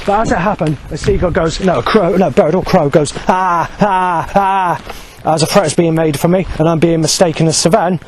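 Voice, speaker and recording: Man, agitated vlog rant, heavy profanity, restless self-correcting delivery, a bit higher pitched. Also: a little hiss or hum, poor audio. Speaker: vlogger. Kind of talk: angry spoken account.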